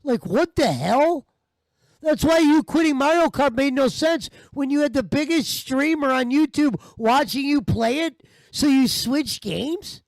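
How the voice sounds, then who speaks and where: A man's voice: extremely high pitch, animated, measured pace, creaky, no room sound, clean studio sound. A man giving heated, profane, mocking commentary over stream clips. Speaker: commentary host.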